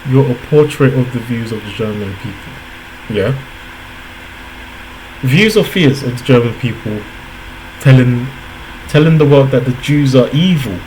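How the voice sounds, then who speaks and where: A man hosts a casual reaction video, talking in an average-pitched voice. He chatters excitably, laughs often and circles back over his own words, while a faint air-conditioning hum sits underneath. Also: a little slow, long pauses. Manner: excitable, laughs a lot, repeats himself.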